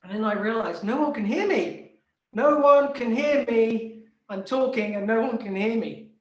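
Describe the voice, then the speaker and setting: A man's voice: very high voice, moderate pace, reverberant, dull audio, pitched above the performer's own voice. A man voicing a bitter, furious old male tree that wails, sobs and rants indignantly at God. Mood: angry ranting. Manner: wailing, shouting, sobbing outbursts. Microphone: video call.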